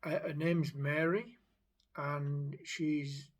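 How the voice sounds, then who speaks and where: A man's voice: a little high, flat delivery, drawn-out words. A man working as a psychic medium, relaying a spirit's story in a chatty, hesitant way, with many restarts. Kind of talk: spirit message monologue.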